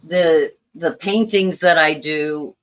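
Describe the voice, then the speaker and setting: A woman's voice: sits low, takes it slowly. Woman moderating a livestream chat. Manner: reads out viewer comments and explains at length.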